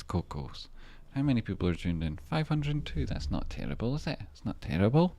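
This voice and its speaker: A man's voice: medium pitch, sing-song, brisk, few pauses, warm tone, no echo. A man hosting a trading livestream, chatting casually and rambling as he jokes and reacts to viewer messages.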